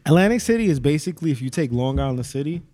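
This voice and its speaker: A man's voice: fairly high pitch, expressive, very fast, warm tone, soft background music. Profane New man telling stories. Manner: storytelling, profane, laughs often. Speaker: podcast co-host. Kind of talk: casual chat.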